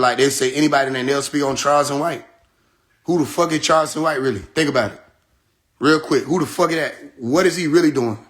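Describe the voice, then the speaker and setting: A livestream host with a somewhat high, slightly bright voice goes on a heated, profane rant aimed right at his viewers in a casual stream.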